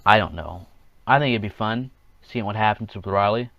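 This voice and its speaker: A man's voice: fairly low pitch, moderate pace, gravelly, no echo, lo-fi sound. A man hosting a casual solo podcast, rambling along, chuckling at his own jokes and acting out quotes in offhand voices. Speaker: podcast host.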